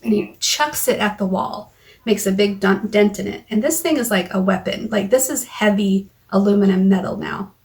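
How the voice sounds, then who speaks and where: A woman vlogging into her phone, recounting a frightening argument in a halting way, with many restarts and quoted lines of dialogue. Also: medium pitch. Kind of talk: personal recap vlog. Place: car or home.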